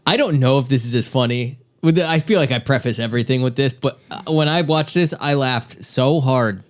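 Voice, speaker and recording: A man's voice: medium pitch, brisk. A man co-hosting a casual podcast, wryly setting up and recounting a clip. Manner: wry, storytelling, sets up clips. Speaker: podcast co-host.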